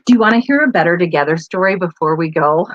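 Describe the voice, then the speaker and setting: A woman's voice: lowish voice, animated, fast talker, dry recording, muffled recording. A woman co-hosting a live stream, telling stories in a rambling, chatty way full of fillers. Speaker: co-host of a live advocacy stream. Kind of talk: casual live-stream chat.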